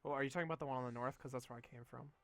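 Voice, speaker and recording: A man's voice: mid-range voice, steady tone, very fast, a bit bright. A young man streaming a game, chatting casually in a rambling, amused way full of fillers. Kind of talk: casual gameplay chat.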